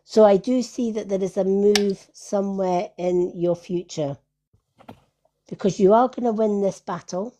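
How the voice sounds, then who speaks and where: A woman gives card readings to her live stream audience. She speaks slowly in a soft, mellow voice. Her tone is soothing and affectionate. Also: mid-range voice, steady tone. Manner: soothing, affectionate, calls people lovely and honey. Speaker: tarot reader hosting a live stream.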